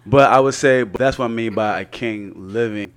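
A man's voice: medium pitch, moderate pace. Laid-back man in casual podcast chat. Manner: laid-back, often trailing off with "you know what I mean". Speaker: podcast co-host.

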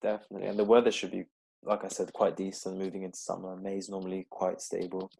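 Low-voiced man hosting a casual chat. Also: fast talker, creaky, breathy edge. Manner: relaxed, rambling with fillers. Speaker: podcast host. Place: London-based.

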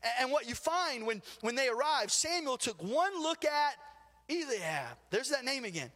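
Male pastor, high tenor, vivid storyteller, church hall reverb. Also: moderate pace. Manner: storytelling, animated retelling with acted quotes. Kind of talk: sermon.

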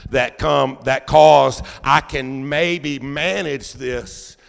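A man pastor preaching a sermon as a folksy, animated storyteller. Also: medium pitch, drawn-out words, creaky, in a large hall. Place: church sanctuary.

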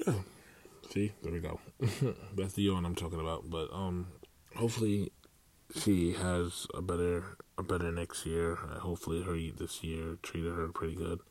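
A man's voice: deep voice, level tone, normal speed, a little mellow. A young man rambling through a casual solo podcast, with many fillers and restarts. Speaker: podcast host.

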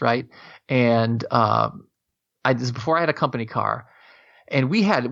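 A man's voice: mid-range voice, vocal fry, pushed and bright. A man telling long casual stories in a rambling way, with many restarts and casual swearing. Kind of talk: casual storytelling chat. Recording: dull lo-fi audio.

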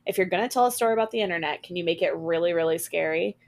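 Woman, podcast host, creaky voice, expressive scary story reading. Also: on the low side, very fast.

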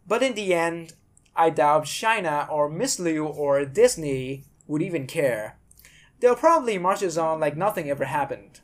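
A woman's voice: sits low, lively intonation, unhurried. A woman hosting a podcast, giving blunt, sarcastic commentary and swearing freely. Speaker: podcast host.

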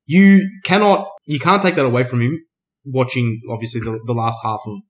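A man's voice: medium pitch, normal speed. A man co-hosting a podcast in casual banter, blunt and teasing, with plenty of swearing. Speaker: podcast co-host.

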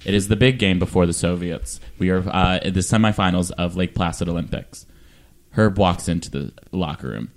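A man hosts a casual chat, animated and full of quick asides. His voice sits somewhat low. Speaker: podcast host.

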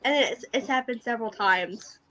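A woman co-hosting a casual podcast, talking over a TV episode in an animated way, laughing often and repeating words. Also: fairly high pitch, normal speed. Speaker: podcast co-host. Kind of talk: casual chat recapping a TV episode.

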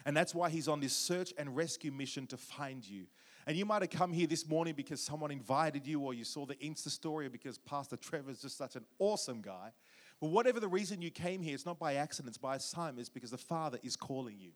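A man preaching a sermon, warm storytelling with jokes and questions to the congregation. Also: fairly high pitch, fast talker. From Australia. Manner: humorous, audience-engaging storytelling. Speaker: guest preacher.

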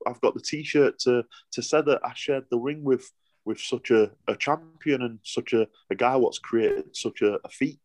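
A man's voice: medium pitch, a little mellow, no echo. A middle-aged man with a Yorkshire accent, a boxer telling stories in a casual interview, rambling with lots of restarts and broad dialect.

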